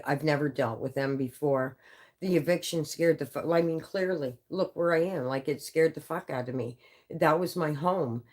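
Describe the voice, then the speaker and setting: Tired low-voiced woman rambling on a livestream. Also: darkish tone. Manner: rambling, halting, swears, many restarts. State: tired, sleepy. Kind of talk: casual live-stream chat. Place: home.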